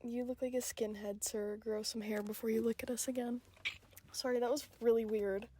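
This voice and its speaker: A young woman with a fairly high voice and flat delivery co-hosts a podcast from a parked car, talking at normal speed over background noise. She chats casually, giggles, and swears offhandedly.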